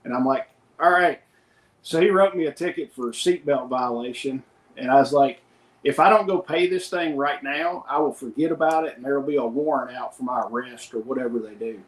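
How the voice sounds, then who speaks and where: A man's voice: medium pitch, a little fast, roomy sound, low-quality recording. A middle-aged man co-hosting a podcast, telling rambling anecdotes in casual chat and quoting others in his plain voice. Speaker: podcast co-host.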